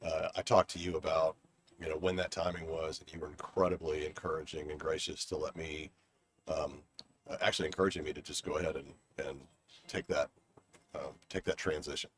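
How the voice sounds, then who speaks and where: A man's voice: rumbling low, level tone, a little fast. A middle-aged man telling stories in a reflective, rambling way during a casual conversation, recorded outdoors on a garden bench. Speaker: former board member.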